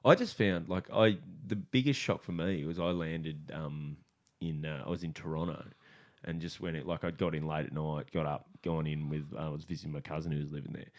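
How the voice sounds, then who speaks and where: Young Australian guy, deep voice, easygoing anecdotes. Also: fairly even intonation, a little fast. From Australia, grew up in the country. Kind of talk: casual chat, storytelling.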